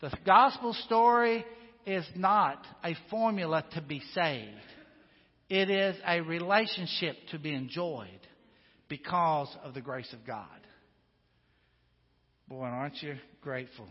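A man's voice: a little high, lively intonation, a little slow. A man preaching a sermon to his church in an earnest, emphatic way, often repeating words as he presses a point. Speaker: pastor. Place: church sanctuary. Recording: dull sound with long hall reverb.

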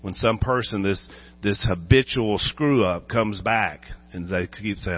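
A male pastor preaching an animated sermon, acting out the voices in the story. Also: lowish voice, a little slow, dull audio.

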